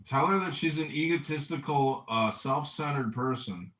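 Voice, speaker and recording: Deadpan man teasing a caller. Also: mid-range voice, moderate pace, reverberant, distant mic. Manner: deadpan, mock-earnest trolling. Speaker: host. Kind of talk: casual chat, teasing call.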